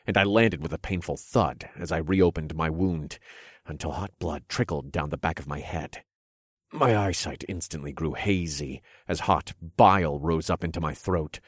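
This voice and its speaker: Man reading a dark fantasy audiobook, really low husky voice, dramatic. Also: dry recording, studio quality. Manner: dramatic, steady storytelling. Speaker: narrator. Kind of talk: first-person audiobook narration.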